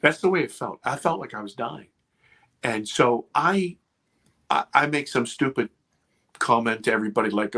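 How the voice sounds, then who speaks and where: A man in his fifties, a podcast guest and producer, telling an intense personal story with swearing and animated retelling. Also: mid-range voice, moderate pace, long pauses. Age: 50s. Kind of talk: emotional storytelling in conversation.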